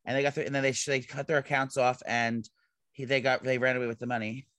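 A man co-hosting a casual gossip podcast, rambling and excitable, swearing casually. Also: mid-range voice, quick pace, no echo. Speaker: podcast co-host.

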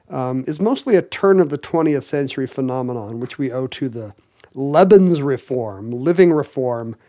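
A man's voice: medium pitch, mellow. Jokey, explaining male podcast host. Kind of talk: casual chat.

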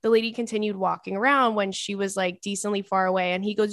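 A woman podcast host reading a listener's email aloud in casual chat, expressive and dramatic with exasperated asides. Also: medium pitch, fast, no echo, studio quality.

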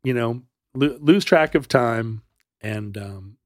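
A man in a casual chat, telling a story in a halting way with fillers and restarts. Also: mid-range voice, dry recording, clean studio sound.

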